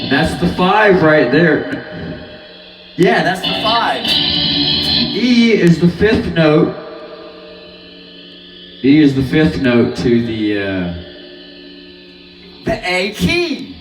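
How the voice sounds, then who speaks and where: A man's voice: on the high side, very animated, extremely slow, pauses often, fairly bright tone. A man rambling about chords and word play while playing guitar at home, with loose free association. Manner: rambling, free-associating, breaks into laughter and snatches of singing. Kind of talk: rambling musing over guitar practice. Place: home room with guitar amp. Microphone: dynamic mic, sung dry. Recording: roomy home recording, mic at a distance.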